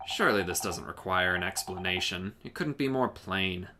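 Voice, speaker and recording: A man voicing a calm, confident young male legal mentor in a measured, slightly theatrical tone. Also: low-pitched, noisy background, pitched below the performer's own voice, lightly acted. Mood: assured. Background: game music.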